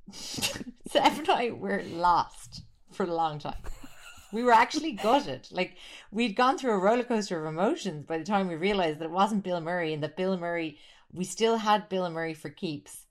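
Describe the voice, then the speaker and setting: A woman co-hosting a podcast over a remote call from a rented holiday home, playful and quick with wordplay, laughing a lot. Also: on the low side, animated. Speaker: podcast co-host. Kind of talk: casual chat.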